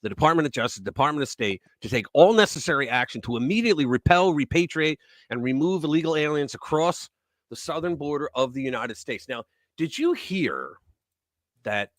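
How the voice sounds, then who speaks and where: A man hosting a live news talk stream, talking in a casual, mocking way and swinging between loud remarks and muttered asides. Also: fairly high pitch, lively intonation, brisk, no echo.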